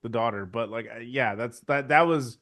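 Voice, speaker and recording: A man's voice: medium pitch, normal speed, fairly bright tone. A man co-hosting a podcast, chatting casually about a film with frequent laughs, "like"s and murmured agreement. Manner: laughs often, lots of fillers and agreeing murmurs. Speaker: podcast co-host.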